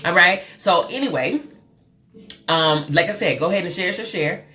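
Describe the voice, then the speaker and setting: A woman hosts a live stream from her webcam, chatting with her viewers. Her voice sits a little low, but it jumps up and down a lot as she goes. She is lively and talky, and she calls people girl and honey. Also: moderate pace. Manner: loud, expressive swings in pitch. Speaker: live show host and therapist.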